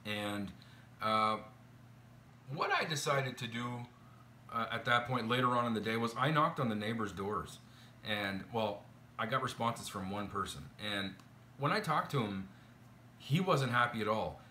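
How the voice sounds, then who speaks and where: A man's voice: mid-range voice, animated, a little slow, sharp tone, a little hiss or hum. A man vlogging, telling a complaint story in a chatty, exasperated way with lots of fillers. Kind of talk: casual complaint storytelling to camera. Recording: echoey room.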